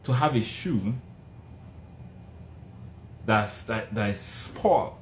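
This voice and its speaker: A middle-aged man with a Nigerian accent and a lowish voice speaks slowly, recounting his life story as a motivational speaker. He is emphatic and animated, using dramatic repetitions. The recording sounds roomy, with faint background noise.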